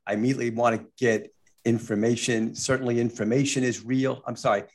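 A man in a casual business discussion on a podcast, talking thoughtfully and often pausing with "uh" and "um". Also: medium pitch, fairly even intonation. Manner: thoughtful, with frequent fillers and restarts. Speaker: managing partner, regular podcast guest.

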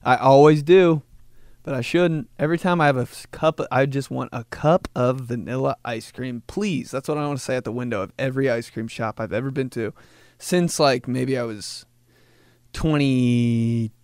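A man's voice: mid-range voice, darkish tone, clean tone, no room sound. Rambling comedic man, dry close sound. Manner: rambling, jokey, slips into quick voices for people. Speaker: podcast host. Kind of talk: casual comedic monologue.

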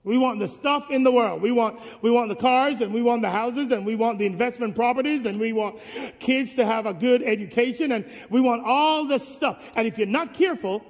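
A high-pitched male pastor preaching with call-and-response energy, dropping to hushed lines and then rising to shouts. His voice rings through a big hall with long reverb. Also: fairly quick, few pauses. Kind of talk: sermon.

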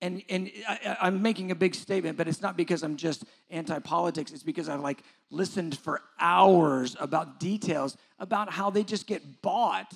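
A man's voice: on the high side, normal speed, hardly any pauses, slightly rough. A middle-aged man preaching a sermon as pastor, moving from conversational asides to emphatic, rising questions. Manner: conversational asides with filler words.

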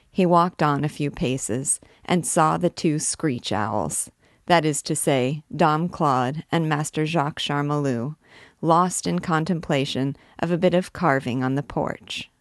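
A woman, a literature teacher, reading a classic novel aloud in a clear, expressive way. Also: deep voice, a little slow, no echo, clean studio sound.

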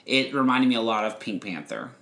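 A man's voice: medium pitch, fairly quick. A man hosting a podcast, chatting and gossiping as he reviews a movie. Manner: chatty, gossipy, animated storytelling. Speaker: podcast host. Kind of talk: casual chat, movie review. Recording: echoey room.

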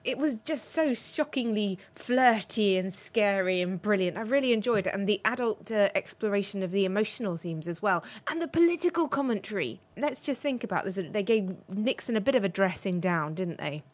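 A woman's voice: mid-range voice, expressive, a little fast, hardly any pauses. A woman co-hosting a podcast, talking enthusiastically in casual chat. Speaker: podcast co-host.

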